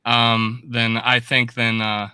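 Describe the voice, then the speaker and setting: A man's voice: medium pitch, flat delivery, slow, over a noisy crowd. A man hosting a casual sports podcast, talking in a rambling, self-deprecating way. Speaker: podcast host.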